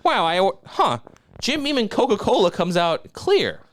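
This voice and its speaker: A man's voice: high voice, huge pitch swings, moderate pace. A man co-hosting a comedy podcast, ranting profanely and sarcastically, piling up rhetorical questions. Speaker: podcast co-host.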